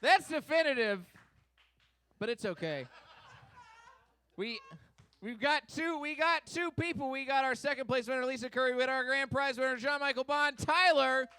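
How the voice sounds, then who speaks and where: A man's voice: very high-pitched, normal speed, long pauses, pushed and bright, clear, resonant tone, no room sound. A man hosting a live comedy game show on a theater stage, announcing contestants with upbeat hype. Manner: upbeat announcing, hyping names to a crowd.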